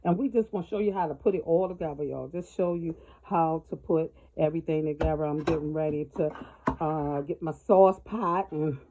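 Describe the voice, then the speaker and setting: A woman's voice: low voice, moderate pace, noisy background. A middle-aged woman giving a folksy, chatty cooking tutorial in her home kitchen, often calling out to viewers as y'all. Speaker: home cook.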